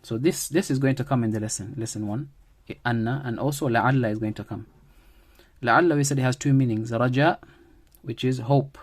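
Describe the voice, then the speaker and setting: At a moderate pace, a man with a middle-pitched voice walks through a grammar lesson like a patient classroom teacher. Key phrases come back again and again, and everyday examples anchor every point.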